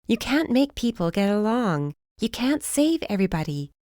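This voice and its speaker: A woman's voice: mid-range voice, very animated, normal speed, darkish tone, dry recording, clean studio sound, pitched above the performer's own voice, natural voice. A woman reading the part of a touchy, defensive sister in an audiobook, her lines clipped and exasperated. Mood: irritated.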